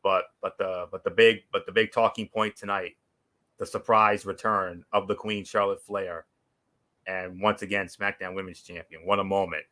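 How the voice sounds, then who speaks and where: Young male recap host, lowish bright voice, excitable, stumbles and repeats words. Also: normal speed. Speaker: wrestling show recap host. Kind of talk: casual show recap.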